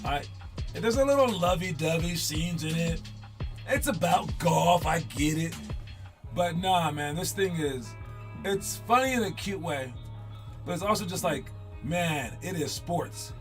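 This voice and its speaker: Chatty coach over loud background music. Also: male voice, on the high side, expressive, unhurried. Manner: chatty, rambling, jokey, breaks into song. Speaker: basketball coach teaching kids. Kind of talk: casual motivational classroom talk. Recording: music playing loudly underneath.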